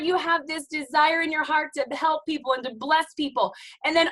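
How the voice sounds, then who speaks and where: High, bright-voiced woman giving a pep talk. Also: fairly even intonation, moderate pace, rough recording. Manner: emphatic, preachy, chatty, with "you guys" and "okay?". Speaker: team leader speaking on a team call. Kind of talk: motivational talk on a call. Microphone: video call.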